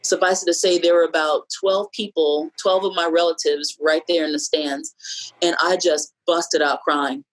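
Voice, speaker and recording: A middle-aged woman telling an emotional personal story on a podcast, reflective and measured, with many pauses and fillers. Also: sits low, fairly even intonation, poor audio.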